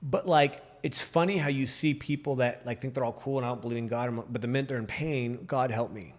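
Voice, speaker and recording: A man hosting a casual interview, telling stories in an animated way and swearing freely. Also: medium pitch, brisk, big-room sound. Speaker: podcast host.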